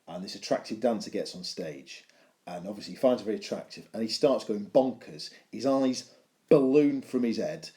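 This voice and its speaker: A man's voice: mid-range voice, mellow, echoey room. A male teacher giving a video lesson on poetry analysis, explaining with playful, self-mocking humour.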